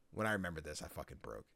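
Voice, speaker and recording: A man's voice: very deep voice, vocal fry, bright, forceful tone, no room sound. A man co-hosting a podcast, casually recapping a story game, rambling with lots of filler words and frequent swearing. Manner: rambling, swears freely, lots of likes and ums. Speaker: podcast co-host.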